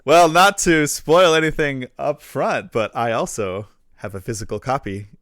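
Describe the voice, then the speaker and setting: A man's voice: mid-range voice, normal speed, fairly bright tone, no echo, clean studio sound. A man hosting a casual livestream interview, upbeat and chatty, often breaking into laughter. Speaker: podcast host.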